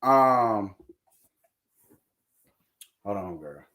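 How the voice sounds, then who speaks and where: A man hosting a casual live review from home, talking in a sassy, animated, gossipy way and calling his viewers y'all and girl. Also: fairly low pitch, very slow. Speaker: host of a reality TV live review show.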